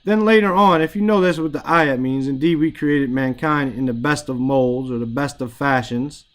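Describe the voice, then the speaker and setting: This is a man teaching Arabic grammar online in a mid-range voice at a moderate pace. He uses casual English for explanations, recites Arabic phrases, and checks in often by saying "right?".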